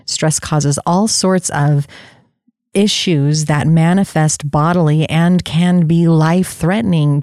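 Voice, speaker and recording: Woman, low and mellow, slow gentle inspirational talk, dry close sound. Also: dry recording. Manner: gentle, unhurried, laughs softly between thoughts. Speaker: spiritual inspiration speaker. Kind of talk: reflective motivational talk.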